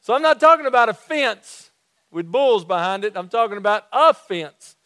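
A middle-aged man with a Southern accent preaching a sermon in a folksy way, restarting phrases and slowing down to stress his points. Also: high-pitched, lively intonation, pushed and bright, no room sound, studio quality. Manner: folksy, repeats and restarts phrases, slows for emphasis. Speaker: pastor.

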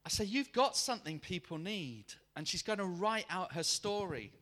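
A man preaching a sermon to a congregation, telling a personal story in an animated way and acting out the people in it. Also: sits high, moderate pace, hardly any pauses. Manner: animated, acts out quoted voices. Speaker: guest preacher.

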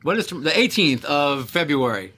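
A man's voice: fairly high pitch, big pitch swings, moderate pace, pushed and bright. A man co-hosting a podcast in casual chat, rambling with many restarts and frequent laughs. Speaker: podcast co-host. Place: California.

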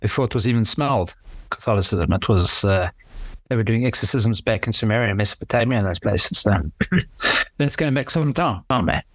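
A man's voice: lowish voice, expressive, normal speed, husky, dry recording. A man chatting casually on a podcast, rambling and hesitant with frequent restarts.

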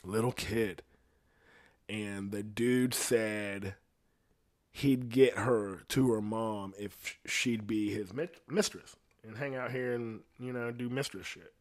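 A man telling a story in a casual, rambling monologue, swearing bluntly and getting loud and high when outraged. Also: slow, no echo, clean studio sound.

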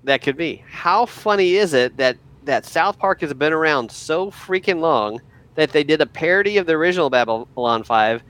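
A man co-hosting a casual podcast, talking through his thoughts out loud. He stammers and repeats words as he works toward his point, in a loose conversational way. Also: a little high, lively intonation, normal speed. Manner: stammering, repeats words while thinking aloud. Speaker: podcast co-host. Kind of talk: casual chat.

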